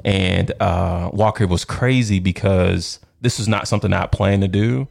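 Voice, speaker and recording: Man, 30s, podcast co-host, deep voice, heavy vocal fry, rambling storyteller. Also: a little slow. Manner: rambling, animated, laughs often, many fillers. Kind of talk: casual storytelling chat.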